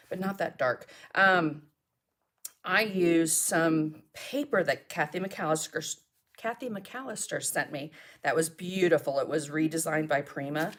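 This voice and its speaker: Hosting a live mixed media art demo, this woman talks through her process and responds to viewer comments. Her voice is low-pitched and fairly bright, and her pace runs a little slow.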